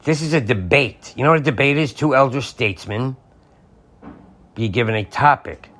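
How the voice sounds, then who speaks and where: A man's voice: medium pitch, normal speed, fairly bright tone. A man hosting a podcast, delivering an angry, sarcastic political rant with some profanity. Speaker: podcast host.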